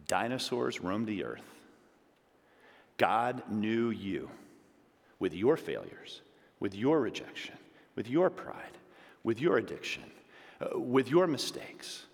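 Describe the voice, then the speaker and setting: Male pastor, sermon delivery, big emotional swings from loud to hushed, mid-pitched, long hall reverb. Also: very animated, slow pace, vocal fry, pauses often, husky. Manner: emphatic preaching, swinging from loud pleas to hushed asides. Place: church sanctuary.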